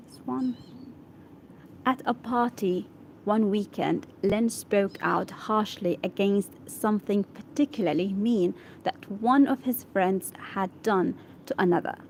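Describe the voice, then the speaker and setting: A woman whose first language is Arabic reads an English article aloud for practice, halting and correcting herself as she checks how words are pronounced. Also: medium pitch, darkish tone, slight background noise, rough recording. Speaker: English learner.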